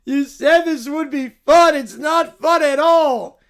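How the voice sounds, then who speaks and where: A man's voice: very high-pitched, takes it slowly, a bit bright, pitched above the performer's own voice, heavily acted. A man voicing a spoiled, bratty child who thinks he is royalty, whining and petulant. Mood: demanding. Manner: whiny, petulant.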